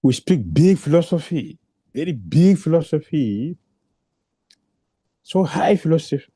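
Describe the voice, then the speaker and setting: A man's voice: a little high, animated, unhurried, warm tone, husky, no echo. A man giving a devotional lecture, repeating phrases for emphasis and asking rhetorical questions, in non-native English phrasing. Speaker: preacher.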